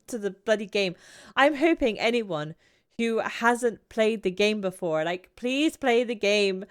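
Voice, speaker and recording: A young woman talks through a film review at an average pitch. She rambles casually, trips over her words and laughs often as she goes. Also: smooth. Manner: chatty, rambling, animated, frequent laughs and restarts. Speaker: YouTube channel host.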